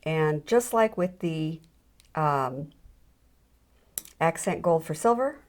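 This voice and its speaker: A middle-aged woman teaches jewelry-making hands-on in a deep, expressive voice at a slow pace. She's chatty and pokes fun at herself, often saying "um" and starting sentences over as she demonstrates.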